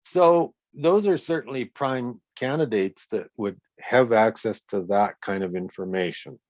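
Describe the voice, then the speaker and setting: A man's voice: lowish voice, measured pace, a little mellow, no room sound, muffled recording. A man in his sixties being interviewed, who tells his story bluntly and emphatically and swears often. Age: 60s. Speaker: guest, victim's father. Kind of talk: interview conversation.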